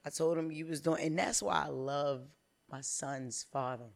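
A woman in her thirties, a comedian guest on a podcast, telling candid stories in an animated, profane way. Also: low voice, moderate pace, gravelly.

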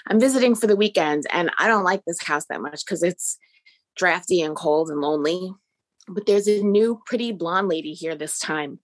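A woman's voice: lowish voice, normal speed. A woman telling a personal story in a vivid, descriptive, lightly amused way. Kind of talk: personal story told on stage.

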